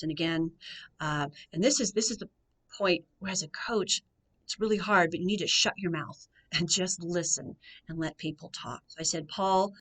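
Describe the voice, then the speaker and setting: Woman financial coach from the US, radio host, measured storyteller, repeats phrases for emphasis, lowish voice.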